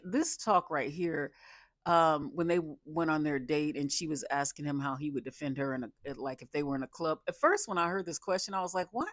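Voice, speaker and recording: Casual reality show recapper, laughs a lot and loses the thread, recorded dry and close, mid pitch. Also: no room sound. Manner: rambling, stops often to restart sentences; laughs a lot while recounting. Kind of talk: casual commentary.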